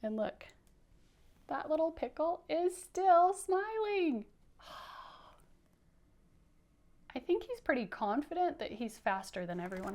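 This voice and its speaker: A woman's voice: medium pitch, darkish tone. Playful woman teacher reading to kids. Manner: playful, coaxing, prompting listeners to repeat lines. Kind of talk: interactive children's read-aloud.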